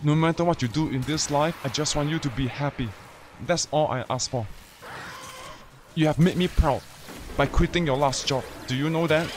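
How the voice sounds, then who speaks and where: Doting dad, put on by a man, slightly high voice, coaxing and tender, noisy voice chat. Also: normal speed, lightly acted. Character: doting fatherly dad addressing his son.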